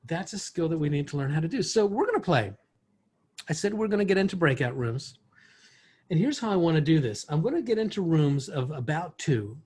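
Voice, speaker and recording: Male workshop instructor, husky, slightly high, explanatory, video-call sound. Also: sing-song, brisk, a little mellow. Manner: explanatory, gives worked examples. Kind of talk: online workshop teaching.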